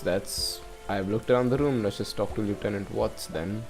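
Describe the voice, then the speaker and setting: A man's voice: lowish voice, normal speed, few pauses, darkish tone, soft background music. A man casually playing a game, reading dialogue aloud and making jokes about it. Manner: casual, joking, laughs at himself. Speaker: gamer.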